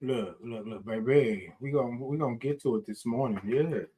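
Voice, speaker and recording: A man from Houston with a Southern Texas twang hosts a casual morning livestream, folksy and repetitive, greeting viewers by name. His husky voice is warm and medium-pitched, moving at a normal speed.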